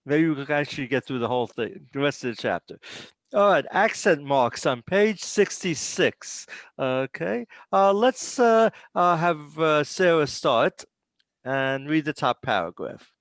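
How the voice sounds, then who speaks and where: A man's voice: on the high side, lively intonation, measured pace, fairly bright tone, no room sound. A man teaching a beginners' language class over a video call, patient and encouraging with his students. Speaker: Hebrew teacher. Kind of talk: online class instruction.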